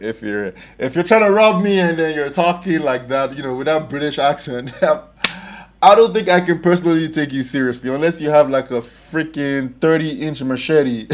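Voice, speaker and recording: Young guy reacting to a clip, kinda high voice, laughs a lot, really into it. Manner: animated, laughs often, emphatic storytelling. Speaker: reaction video host. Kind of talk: casual reaction commentary.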